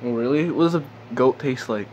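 A young man chatting casually as a friend, with slow, laid-back, giggly reactions. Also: mid-range voice, a little mellow, muffled recording, a little hiss or hum. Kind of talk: casual chat.

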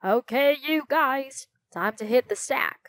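A woman's voice: high-pitched, expressive, slow pace, a bit bright, no room sound, voice pushed up, heavily acted. A woman voicing a firm, no-nonsense father in a storybook reading. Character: firm father sending kids to bed.

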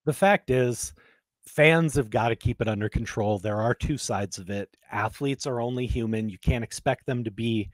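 A man co-hosting a casual podcast chat, talking at a middle pitch in an emphatic, storytelling way. The sound is dry and close, with no room around it. He builds his points with plain conversational force. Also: normal speed, no echo. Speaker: podcast co-host.

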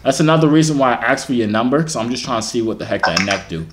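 A man's voice: medium pitch, animated, rapid-fire, a little hiss or hum. A man in his twenties making teasing, slangy small talk with strangers on a video chat app. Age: 20s. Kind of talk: casual flirty banter. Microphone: computer or phone mic, video call.

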